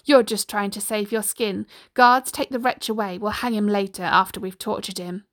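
A woman's voice: mid-range voice, steady tone, moderate pace, fairly bright tone, close to an everyday voice. A woman voicing an angry, impatient male sheriff in a storybook reading, snarling and blustering. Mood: furious.

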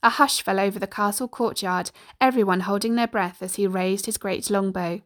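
A woman narrating a storybook aloud, steady and expressive. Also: medium pitch, moderate pace.

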